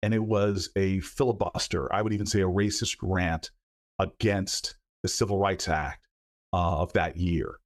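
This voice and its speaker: A man's voice: low voice, steady tone, unhurried. A middle-aged man, a senator, answering interview questions earnestly, often repeating words as he goes. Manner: earnest, stumbles and repeats words, acts out quoted voices. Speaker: senator and book author, guest.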